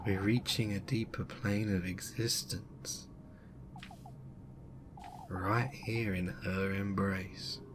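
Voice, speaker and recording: A man voicing a hushed, luring forest spirit. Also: low-pitched, fairly even intonation, slow, pauses often, noisy background. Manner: hushed, luring, at times whispered.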